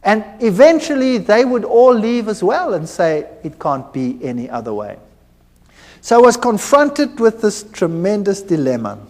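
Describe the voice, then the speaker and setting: A man, a former university lecturer, giving a personal testimony, telling his story with animated acted-out dialogue. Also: sits high, a little slow. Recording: hall reverb.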